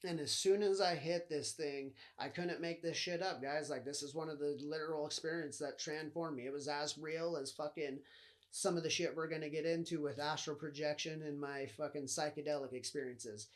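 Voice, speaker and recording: A man's voice: fairly high pitch, fairly even intonation, moderate pace. A young man hosting a podcast, telling his own story in a loose, profane, rambling way with lots of fillers. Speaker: podcast host. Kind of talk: casual storytelling monologue.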